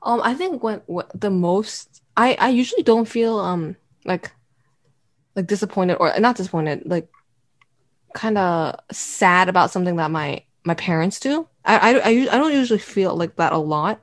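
A woman's voice: mid-range voice, expressive, normal speed. Reflective young woman, casual chat. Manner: hesitant, reflective, many fillers. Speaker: podcast co-host.

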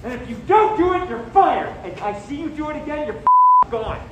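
A man's voice: very high-pitched, expressive, normal speed. A man angrily berating his film crew with stern, clipped threats, caught on a leaked set recording. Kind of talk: angry rant. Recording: echoey, distant, noisy leaked set recording.

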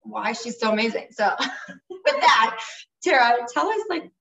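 A woman's voice: a little high, expressive, unhurried, gravelly, a bit bright, reverberant, recorded from a distance, poor audio. A woman hosting a faith-centered podcast, upbeat and chatty, who is losing her voice. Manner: upbeat, chatty, many fillers. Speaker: podcast host. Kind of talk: casual podcast interview.

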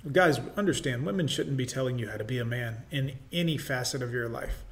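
A man delivers reaction commentary in a blunt, opinionated way. His voice sits at an ordinary middle pitch, and he speaks in a lecturing, matter-of-fact manner. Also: brisk.

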